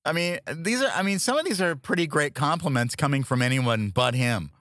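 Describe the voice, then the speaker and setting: A man's voice: fairly high pitch, animated, a little fast, fairly bright tone, no echo, clean studio sound. A man hosting a podcast, chatting casually, laughing often, and introducing clips. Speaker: podcast host. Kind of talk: casual chat reacting to clips.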